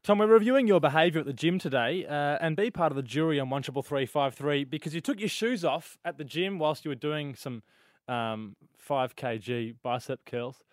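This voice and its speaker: A man's voice: on the high side, normal speed, no echo. A man with an Australian accent, co-hosting studio radio, teasing in a mock-stern way. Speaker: radio co-host. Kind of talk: breakfast radio banter. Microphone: studio microphone.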